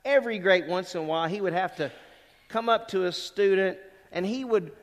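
A man's voice: high voice, a little fast. A middle-aged man preaching a sermon in a church, conversational with sudden emphatic stresses on key words. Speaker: pastor. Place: church sanctuary. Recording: long reverb of a church hall.

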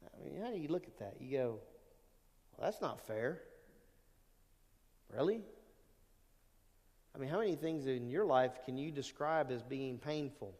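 Male pastor, mid pitch, preaching with big swings between loud and soft, church reverb. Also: normal speed. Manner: animated, swings from loud emphasis to quiet asides. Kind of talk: sermon. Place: church sanctuary. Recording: long church hall reverb.

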